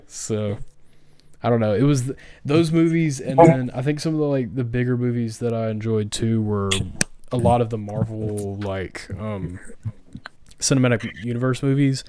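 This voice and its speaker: Streaming live from home, a podcast co-host chats casually, rambling and filling his talk with "like" and "um." His mid-range voice is mellow and moves at a moderate pace.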